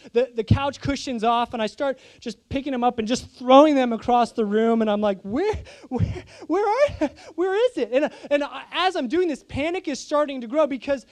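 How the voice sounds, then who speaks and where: A man's voice: very high-pitched, darkish tone. A young man preaching a sermon, telling a humorous, self-deprecating story to his congregation.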